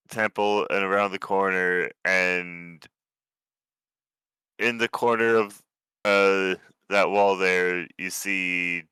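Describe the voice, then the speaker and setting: A man's voice: low voice, bright, forceful tone, smooth, no echo. A man narrating as game master of a tabletop game, loose and full of fillers.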